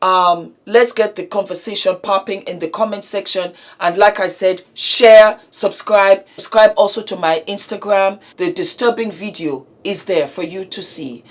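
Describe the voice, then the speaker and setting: A woman speaks straight to her viewers in a fired-up commentary, hammering each point and repeating lines for force. Her voice sits at an ordinary middle pitch, and her indignation carries from start to finish. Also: moderate pace, hardly any pauses. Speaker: vlogger commenting on news. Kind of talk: impassioned commentary to camera.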